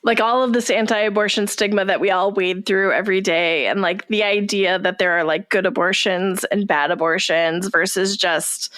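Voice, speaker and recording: A woman's voice: mid-range voice, steady tone, normal speed, few pauses, a bit bright, no echo. A woman speaking in a reflective, casual way during a panel conversation.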